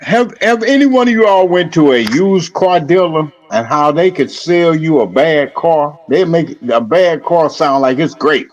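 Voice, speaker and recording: A man's voice: fairly high pitch, expressive, a little slow, hardly any pauses, dull audio. A man co-hosting a podcast, giving strong opinions in casual chat. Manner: opinionated, uses comparisons. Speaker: podcast co-host.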